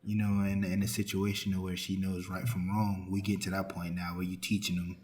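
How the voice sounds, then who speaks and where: Deep voiced guy, aave, earnest and reflective, pretty flat delivery, lots of "you know what i'm saying". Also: brisk. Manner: earnest, reflective, many fillers. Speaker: interview guest. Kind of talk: casual interview chat.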